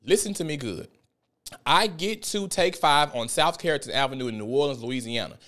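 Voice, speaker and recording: Heated and profane, this podcast host rants and tells stories in a casual monologue, hammering his points emphatically. His slightly high, a bit bright voice is animated and moves at normal speed.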